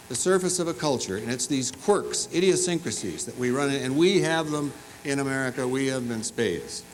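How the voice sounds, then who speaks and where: In a big university fieldhouse, a commencement speaker with a medium-pitched voice teases the crowd and tells humorous stories, adding lively asides to the audience. The audio is rough, with a little hiss or hum.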